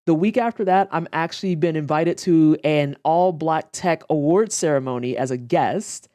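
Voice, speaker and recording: A young woman streamer from the Saint Louis area, chatting casually and swearing freely, acting out quotes in high voices. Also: normal speed, dark tone. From Saint Louis area, United States. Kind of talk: casual chat on a livestream.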